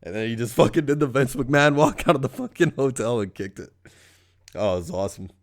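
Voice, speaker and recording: A young Canadian podcast host rambles casually through stories, swearing and laughing throughout. His medium-pitched voice is expressive and fairly quick.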